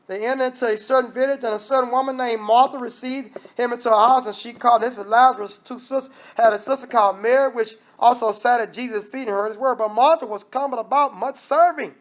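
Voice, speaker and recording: A man preaching a lively sermon, firing off rhetorical questions and acting out voices. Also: extremely high pitch, fast talker, few pauses.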